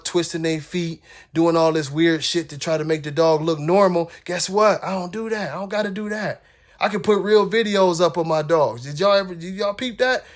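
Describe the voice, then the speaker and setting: High-voiced man ranting bluntly on a livestream. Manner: blunt and profane, repeating himself for emphasis. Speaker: dog breeder ranting on a livestream. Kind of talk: heated livestream rant.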